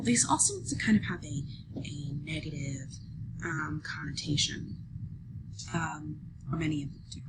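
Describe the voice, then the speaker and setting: A woman teacher walking students through a lesson, patient and explanatory, checking in often with "okay?" and pausing on fillers. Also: on the low side, animated, gravelly, background noise. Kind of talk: screen-recorded lesson walkthrough.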